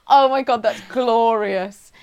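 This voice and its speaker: A woman co-hosting a casual chat, telling a story with animated asides and frequent laughter. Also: a little high, slow.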